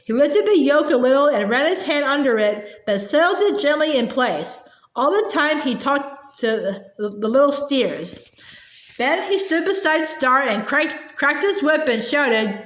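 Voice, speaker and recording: A woman reads a children's novel aloud in a gentle, unhurried storytelling manner, stumbling and restarting now and then. Her voice sits high. The recording has a roomy echo. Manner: clear, gentle storytelling with small slips and restarts. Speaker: audiobook reader. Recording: echoey room.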